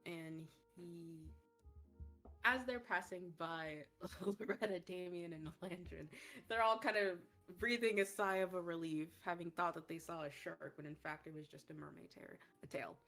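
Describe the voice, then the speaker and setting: A woman's voice: on the low side, moderate pace, fairly bright tone, faint music behind. A woman narrating as game master in a tabletop game, rambling with lots of fillers.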